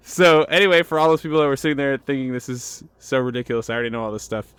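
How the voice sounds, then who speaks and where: A man's voice: mid-range voice, racing, a bit bright, clean tone, no echo. A young man hosting a casual Christian podcast, upbeat and joking, often laughing. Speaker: podcast host.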